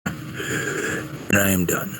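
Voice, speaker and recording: Deep, slow-talking man. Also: steady tone, a bit bright, slight background noise. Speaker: player. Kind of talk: casual tabletop game chat.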